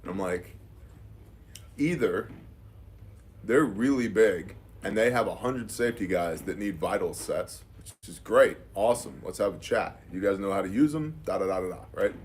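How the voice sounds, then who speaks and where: A man's voice: low-pitched, normal speed, a little hiss or hum. A man and business owner telling a casual story, acting out the dialogue with "I'm like" and "she's like.". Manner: animated, quotes dialogue with "I'm like".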